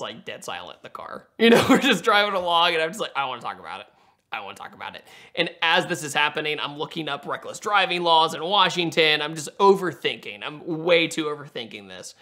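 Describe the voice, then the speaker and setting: A young man from Virginia telling a car story in a casual, animated way, laughing and acting out the quotes. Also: a little high.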